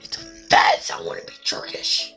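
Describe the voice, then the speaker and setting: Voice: normal speed, pushed and bright. A gamer giving let's play commentary, talking in a frustrated, dramatic way and scolding the fish in the game. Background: faint game music.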